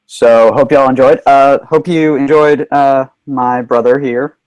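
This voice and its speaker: A man's voice: mid-range voice, steady tone, unhurried, darkish tone, clean tone, no echo, rough recording. A man hosting a casual live-stream movie chat with his brother, talking loosely with many fillers and restarts. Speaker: host.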